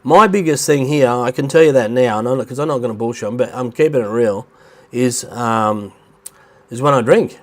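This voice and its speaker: A middle-aged man with an Australian accent chats loosely on a livestream from his flat, his voice stuffy and nasal from a blocked nose. He rambles from point to point in an easy, middling pitch and greets viewers by name as he goes. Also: normal speed. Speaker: livestream host. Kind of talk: casual livestream chat. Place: rented apartment near the beach in Thailand.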